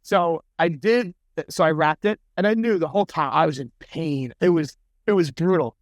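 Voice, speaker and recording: A middle-aged man tells his stories with lively energy, slipping into other people's voices and swearing without a second thought. His voice sits a little high for a man. The sound is dry and close. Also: moderate pace, dry recording. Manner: animated, acts out other people's lines, swears freely. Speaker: chef and podcast guest. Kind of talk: casual storytelling interview.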